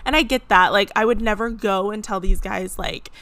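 A young woman hosting a solo podcast, venting in a chatty, animated way with many fillers. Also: mid-range voice, normal speed, no room sound. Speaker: podcast host. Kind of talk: casual solo podcast rant. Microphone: podcast microphone.

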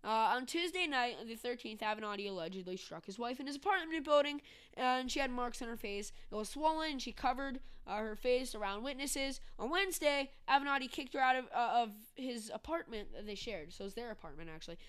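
A woman's voice: a little high, expressive, brisk, a bit bright, clear, resonant tone. A woman hosting a casual political commentary podcast, ranting sarcastically. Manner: sarcastic, ranting, mocks with put-on voices. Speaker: podcast host.

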